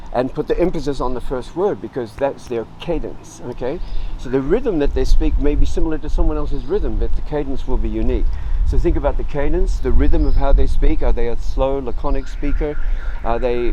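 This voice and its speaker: This middle-aged man teaches writing casually, tracing word origins and performing brief sample lines of dialogue. He speaks at normal speed with a medium pitch, and the poor audio carries a little hiss or hum.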